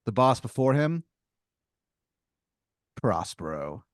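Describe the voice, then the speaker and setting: A man's voice: medium pitch, very animated, slow, no echo, studio quality. A man hosting an improv podcast, narrating a made-up scene in second person with casual fillers. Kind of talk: improvised storytelling, game-master style.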